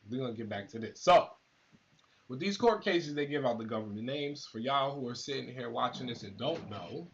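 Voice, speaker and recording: An expressive, medium-pitched man speaks briskly as he hosts a battle rap live stream, rambling casually to his viewers. The recording is muffled with a little hiss or hum.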